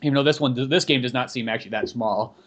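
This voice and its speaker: A man hosting a podcast, chatting casually in a rambling, animated way full of "like". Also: medium pitch, fast. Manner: rambling, animated, heavy use of "like". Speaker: podcast host. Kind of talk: casual chat.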